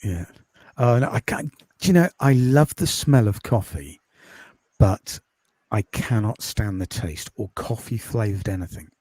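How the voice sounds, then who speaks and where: A man from the UK, a podcast host and course creator, chatting in a quiet, calming voice with many ums in a casual interview over a video call. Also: on the low side, unhurried, slightly rough, dry recording. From United Kingdom.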